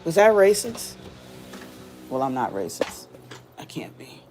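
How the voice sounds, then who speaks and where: A woman's voice: low voice, big pitch swings, measured pace, a little mellow, faint music behind. A woman hosting a live stream, talking casually to her viewers in a sassy, teasing, slangy way.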